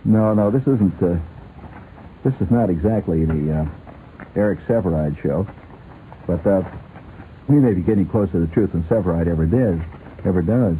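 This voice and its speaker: Low and mellow, this man speaks at a moderate pace and pauses often. He's a radio host in a playful, rambling comic bit, laughing frequently, captured on tinny lo-fi radio with a faint hiss.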